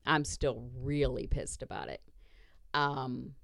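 A woman's voice: a bass voice, fairly even intonation, slow, creaky, fairly bright tone, dry recording. A woman podcast host casually retelling a story, blunt and profane, acting out the dialogue.

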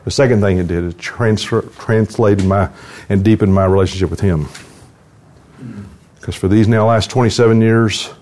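A man's voice: on the low side, normal speed, a little mellow. An older man giving an earnest devotional talk at a conference, telling a personal story and closing in prayer. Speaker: conference speaker. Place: conference hall.

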